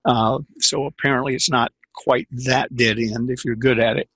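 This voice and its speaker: Husky older man, emphatic storyteller. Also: mid-range voice, fairly even intonation, fairly bright tone, no room sound. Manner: emphatic, repeats key phrases, drawn-out stresses. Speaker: sales trainer and script consultant. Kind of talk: conversational interview storytelling.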